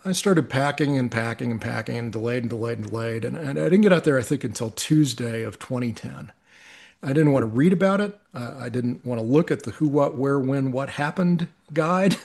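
A man's voice: medium pitch, vocal fry. A middle-aged man, a podcast guest, telling a personal story in an earnest, reflective way, with frequent restarts.

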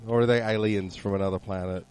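Low-voiced Australian man joking dryly. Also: fairly even intonation, fast, darkish tone. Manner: dry, wry humor with frequent restarts. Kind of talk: casual chat.

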